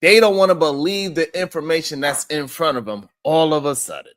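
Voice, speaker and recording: A man with a somewhat higher voice hosts a casual live stream. He greets chat viewers by name as he goes and argues his point in a loose, repetitive, conversational way. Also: fairly quick, fairly bright tone. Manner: conversational, repeats himself as he rambles.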